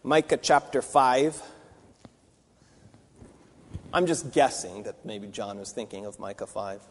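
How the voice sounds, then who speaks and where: A man teaches from the Bible in a large hall, where a little hiss or hum can be heard. His mid-range voice is animated at a moderate pace, and he talks things through conversationally with fillers, restarts and asides.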